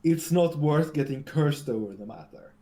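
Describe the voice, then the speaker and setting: A man at a tabletop game keeps objecting in an insistent tone. His voice sits a little high and swings widely in pitch. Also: lively intonation, moderate pace, warm tone. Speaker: player. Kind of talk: casual tabletop game chat.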